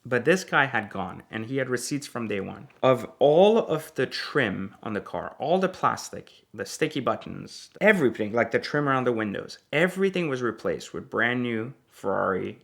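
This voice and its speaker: A man's voice: fairly low pitch, sing-song, normal speed, vocal fry, hardly any pauses, fairly bright tone. A man who deals exotic cars, telling a story in a casual, chatty way and filling it with "like.". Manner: chatty, heavy use of "like" fillers. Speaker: exotic car dealer.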